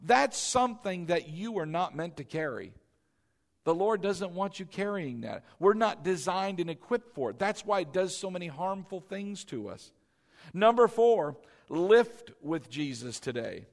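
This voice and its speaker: A man's voice: sits high, lively intonation, normal speed. A man preaching a sermon as pastor, exhorting the congregation, repeating key lines and asking them questions. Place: church sanctuary. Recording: long hall reverb.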